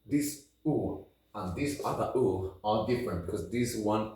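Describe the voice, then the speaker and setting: A man teaching an English phonetics lesson, drawing out each example sound slowly and deliberately. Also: on the low side, a little mellow, very echoey, far from the mic. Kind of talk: phonetics lesson with model words.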